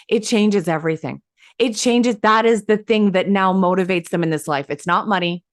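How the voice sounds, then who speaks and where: A woman talking as an interview guest, an excitable storyteller who acts out her own reactions. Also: mid-range voice, normal speed, no echo, clean studio sound. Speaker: hypnosis coach, interview guest. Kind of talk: animated interview conversation.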